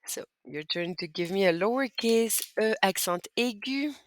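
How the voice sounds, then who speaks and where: A woman's voice: mid-range voice, expressive, moderate pace, no room sound. Dry-sounding woman teaching French accents. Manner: clear, patient step-by-step instruction. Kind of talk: screen-recorded lesson walkthrough.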